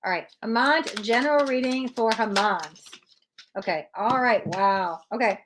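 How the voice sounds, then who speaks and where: A woman's voice: on the high side, unhurried, background noise. A woman reading tarot cards on a live stream, chatting with viewers and giving blunt readings. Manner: blunt, chatty, reads out chat comments.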